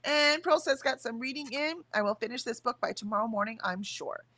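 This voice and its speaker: A woman's voice: on the high side, a little fast, slight background noise. A woman hosting a casual livestream from home, reading out chat comments and chatting with a laugh. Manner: chatty, lively, laughs often. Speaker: livestream host. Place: home, in bed.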